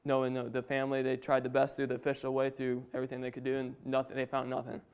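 Smooth-voiced man preaching. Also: mid-range voice, monotone, quick pace, darkish tone. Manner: reads scripture aloud, then explains it with restarts and slips. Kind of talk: sermon.

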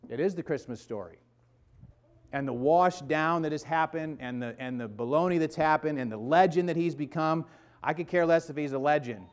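A man delivering a sermon, his voice sitting a little high for a man. He talks to the congregation casually, with restarts and asides, then pushes into urgent, emphatic stretches before dropping low again. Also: moderate pace. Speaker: pastor.

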